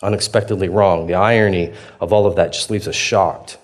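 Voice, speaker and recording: A pastor with a deep, fairly quick, evenly intoned voice preaches a conversational sermon. He shares a personal story in a chatty, self-deprecating manner, laughing a lot and acting out his own reactions.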